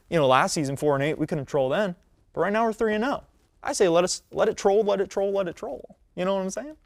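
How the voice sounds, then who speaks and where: A man's voice: on the high side, dry recording. Young man hosting a casual sports rundown. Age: 20s. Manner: casual, animated, with frequent fillers and restarts. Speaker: podcast host; college student. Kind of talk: solo sports talk rundown.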